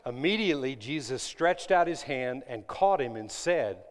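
A man preaching a sermon to his congregation, swinging between loud emphatic lines and hushed ones and asking them questions. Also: on the high side, lively intonation, unhurried, hardly any pauses. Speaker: pastor. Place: church sanctuary. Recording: long reverb of a large hall.

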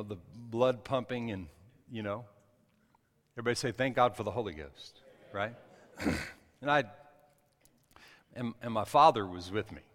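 A man's voice: on the low side, fairly bright tone, long reverb tail. A man preaching a sermon, telling a personal story in a loose, conversational way with frequent restarts and asides. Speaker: pastor.

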